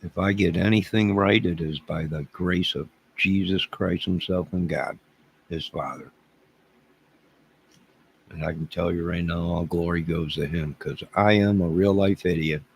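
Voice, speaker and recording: A man's voice: sits low, steady tone, measured pace, vocal fry, slight background noise, low-quality recording. A man hosting a casual livestream, rambling and self-deprecating as he chuckles and answers viewers' chat. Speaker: livestream host.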